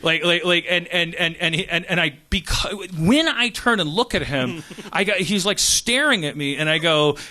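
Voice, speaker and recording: Bright, high-voiced rambling male storyteller. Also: expressive, moderate pace. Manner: rambling, with many restarts and acted-out quotes. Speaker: podcast host. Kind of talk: comedic storytelling.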